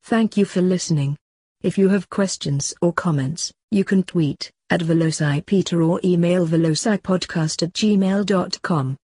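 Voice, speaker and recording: Husky voice reading a podcast outro. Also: mid-range voice, normal speed, a little mellow, no room sound. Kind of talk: read outro.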